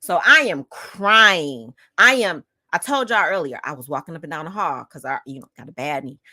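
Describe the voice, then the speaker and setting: Woman, podcast host, personal storytelling, emphatic, outspoken, talks to listeners directly, lower pitch, bright tone. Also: very animated, fast, no echo, clean studio sound. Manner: outspoken and heated.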